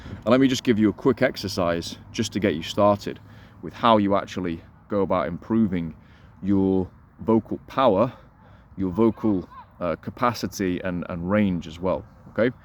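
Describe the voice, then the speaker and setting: A man coaching listeners on voice and delivery, energetic and emphatic, repeating his key points and slowing down to demonstrate. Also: slight background noise. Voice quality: resonant voice. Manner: deliberately slows and lowers voice to demonstrate. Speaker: dating coach. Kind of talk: instructional talk to camera.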